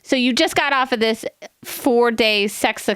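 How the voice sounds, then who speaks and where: Earnest podcast lady talking through advice, smooth voice, super dry sound, lots of asides. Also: fairly high pitch, dry recording. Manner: warm, earnest, rambling with quick asides and laughs. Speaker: podcast co-host. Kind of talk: casual advice chat.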